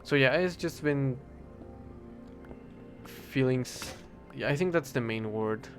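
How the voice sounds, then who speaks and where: Young man, mid-pitched, rambling chat over a game with faint music under it, stops and restarts a lot. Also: slow. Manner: rambling, hesitant, self-correcting, swears casually. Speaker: English teacher. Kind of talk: casual rambling talk while gaming.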